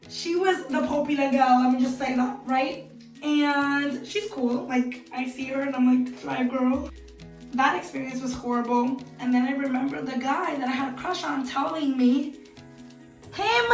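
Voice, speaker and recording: A young woman tells personal stories to camera, chatty and animated, voicing the people she quotes. Her voice sits high. It is recorded in a roomy space with the mic set back and faint music underneath. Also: recorded from a distance. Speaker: beauty vlogger. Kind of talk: casual storytelling to camera.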